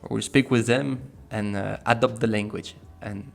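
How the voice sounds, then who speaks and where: A man with a French accent, a native French speaker, hosting a casual conversation in English and often pausing to search for words. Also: fairly low pitch, steady tone, creaky. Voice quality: halting, searching for words, many fillers. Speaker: project founder and host.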